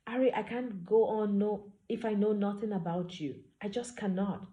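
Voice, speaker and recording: A woman's voice: mid-range voice, fairly even intonation, normal speed, warm tone, voice pushed up, close to an everyday voice. A woman voicing a spirited young woman who talks bluntly and sounds exasperated.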